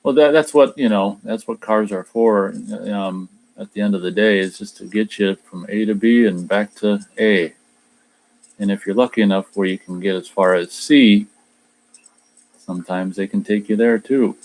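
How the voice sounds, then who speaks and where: Male host, lowish voice, casual and rambling, reads chat comments and restarts his sentences a lot. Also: moderate pace, darkish tone. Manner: rambling, repeats words when starting sentences; tries a mock Australian accent in a few short bits. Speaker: radio show host reading live chat.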